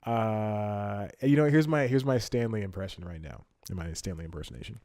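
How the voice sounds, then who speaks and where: A man with a fairly low voice hosts a solo comedy podcast, talking casually into a studio mic. He rambles, cuts himself off and circles back with dry, wry humor. The sound is close and dead, with no room around it. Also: moderate pace, a little mellow, dry recording. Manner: rambling and self-interrupting, wry. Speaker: podcast host. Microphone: studio mic, wearing headphones.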